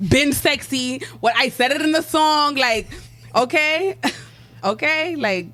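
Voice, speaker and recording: A woman's voice: high-pitched, slow, sharp tone. Brash young New woman rapper. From New York. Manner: brash, slangy, laughs often, swears freely. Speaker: rapper, interview guest. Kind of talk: casual interview chat.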